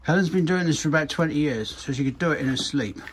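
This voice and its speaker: Working outdoors, a man who runs a plant nursery chats casually and bluntly, swearing freely. His voice sits fairly high and moves fast. The outdoor recording is noisy.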